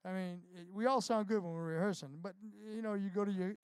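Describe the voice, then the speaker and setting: A man's voice: high voice, fast, clean tone, dry recording. A man, a band frontman, talking casually and profanely in an interview, rambling through stories. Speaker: touring band frontman, guest.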